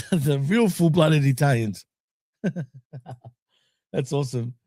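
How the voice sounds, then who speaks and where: A man's voice: mid-range voice, lively intonation, very slow, dark tone, dry recording, studio quality. A man co-hosting a podcast, chatting casually through a wrestling recap, rambling and laughing often. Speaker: podcast co-host.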